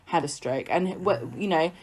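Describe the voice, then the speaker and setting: A woman co-hosting a podcast, recapping a soap in casual chat with an opinionated, animated manner. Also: lowish voice, moderate pace, husky. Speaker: podcast co-host.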